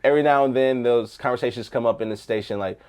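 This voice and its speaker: A middle-aged man, talking in a casual podcast. His pitch is ordinary. He jumps in with quick jokes and reactions and laughs a lot. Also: darkish tone, clean tone. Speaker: firefighter.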